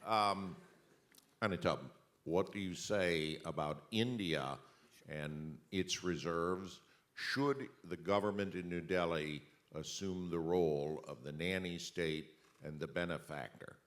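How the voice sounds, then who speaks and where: A man moderates a panel in a very deep voice. He speaks deliberately and leans on key words for emphasis. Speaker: moderator, journalist.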